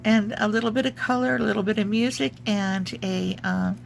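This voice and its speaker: A woman's voice: mid-range voice, normal speed, gravelly, slight background noise. A woman casually showing her craft work, rambling and searching for words with many ums. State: has the hiccups. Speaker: junk journal crafter. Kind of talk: casual craft show-and-tell.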